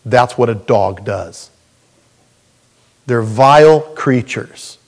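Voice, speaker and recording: A middle-aged man preaching a sermon as pastor, animated and jokey, with sudden loud high bursts. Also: very slow.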